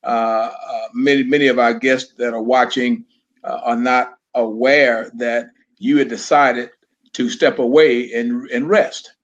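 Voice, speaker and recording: A man hosts an interview, posing his questions politely and haltingly and restarting his words often. His voice sits at a middle pitch. The sound is muffled and lo-fi, like a live stream. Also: fairly even intonation. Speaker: talk show host. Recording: dull lo-fi live-stream audio.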